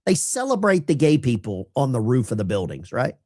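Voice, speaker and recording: On his live political commentary stream, a man speaks straight to his chat, sarcastic and rambling, often starting over. His mid-range voice is mellow and very animated, and his pace is a little fast.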